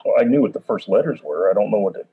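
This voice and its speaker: A man's voice: on the low side, animated, rapid-fire, breathy edge. A man who is a pastor, co-hosting a casual chat and teasing his brother. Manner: teasing, joking. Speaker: pastor and podcast co-host. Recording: tinny phone-like line.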